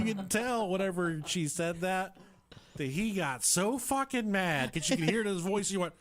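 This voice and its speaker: A young man telling a story on a podcast, profane and animated, laughing through it. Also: high voice, moderate pace. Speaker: podcast co-host.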